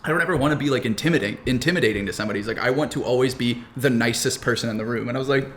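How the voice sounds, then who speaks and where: A man's voice: mid-range voice, rapid-fire, a bit bright. Young man rambling on a roomy podcast. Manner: rambling storyteller, heavy swearing and filler. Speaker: podcast co-host. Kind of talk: casual chat. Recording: roomy echo, faint background noise.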